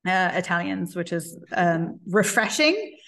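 A woman telling a personal story as an interview guest, animated and full of "like" and acted-out quotes. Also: on the low side, a little slow, recorded from a distance. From United States. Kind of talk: casual storytelling chat.

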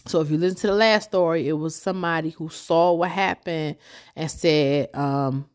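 Young woman host, lower voice, rambling emotional storytelling, casual and chatty. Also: moderate pace. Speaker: podcast host.

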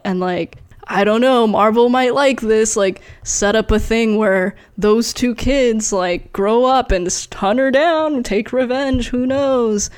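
Unhurried woman co-host, lots of "like". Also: mid-range voice, a little mellow, clean tone. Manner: unhurried, filler-heavy, lots of "like". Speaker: podcast co-host. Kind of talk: casual chat.

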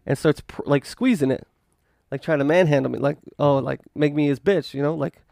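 A man with a slightly high, gravelly voice tells a story on a podcast, acting out everyone's lines with lots of swearing. The sound is dry and close, as if into a studio mic. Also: brisk, no echo. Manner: animated storytelling, acts out quotes, swears freely. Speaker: podcast host. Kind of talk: casual podcast chat.

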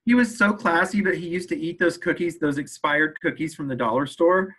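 Animated, slightly high-voiced man telling stories. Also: fairly quick, breathy edge, low-quality recording. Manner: animated storyteller, laughs often, mimics voices. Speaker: hotel sales leader, podcast guest. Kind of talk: casual interview chat.

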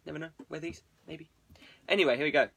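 A man's voice: fairly high pitch, quick pace, vocal fry, a loud crowd. A man, rambling casually and self-mockingly to viewers on a live stream.

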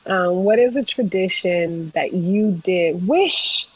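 A woman chef on a podcast, an animated storyteller who laughs often as she talks. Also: lowish voice, takes it slowly, dull audio. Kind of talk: casual interview chat.

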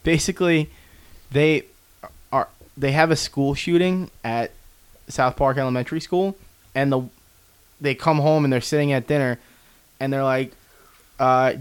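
A man's voice: medium pitch, measured pace, long pauses, smooth. A young man co-hosting a casual podcast chat, telling stories animatedly, swearing freely and acting out quotes. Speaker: podcast co-host.

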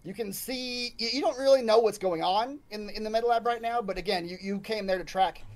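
A man with a high voice narrates a tabletop horror game as game master. He describes each scene in a halting, filler-heavy way as he thinks it through.

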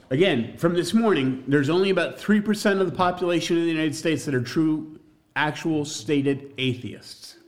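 A man's voice: on the high side, darkish tone. A man teaching a church class on evangelism, jokey and emphatic, talking straight to his listeners.

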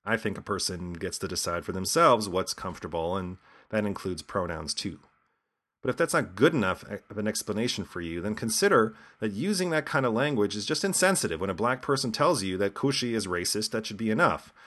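A man's voice: fairly low pitch, animated, fairly quick, a bit bright. A man hosting a podcast with scripted commentary and a sardonic, lecturing manner. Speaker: podcast host.

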